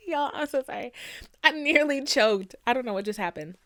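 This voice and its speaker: A woman's voice: high-pitched, expressive, normal speed, fairly bright tone. A young woman hosting a podcast, ranting casually in a blunt, profane way with lots of "like" fillers. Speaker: podcast host. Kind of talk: casual solo podcast rant.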